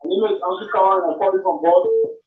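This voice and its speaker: High-voiced Liberian man on a tinny phone. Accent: Liberian English. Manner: halting, repeats words. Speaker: caller. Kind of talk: call-in radio comment. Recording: tinny distant phone line, echoey.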